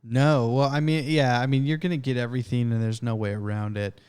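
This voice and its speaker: A man in a casual podcast chat with a medium-pitched voice. He talks in a relaxed, matter-of-fact way and fills pauses with "I mean". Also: smooth. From California. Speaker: podcast co-host.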